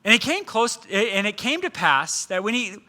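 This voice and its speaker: Bright, lively male guest preacher. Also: sits high, moderate pace. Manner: humorous, conversational preaching with playful asides. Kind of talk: sermon.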